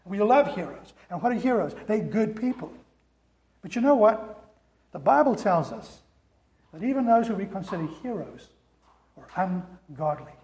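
A man's voice: high-pitched, big pitch swings, normal speed, darkish tone, reverberant. A man preaching a sermon as pastor, driving points home with rhetorical questions and repetition. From America.

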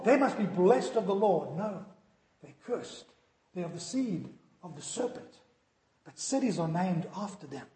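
A male pastor delivers a sermon in a high, ringing voice. He swings between forceful emphasis and hushed, dramatic drops. The sound carries a long, roomy echo from the hall. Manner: preaching with rising emphasis and quiet dramatic drops. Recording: echoey hall.

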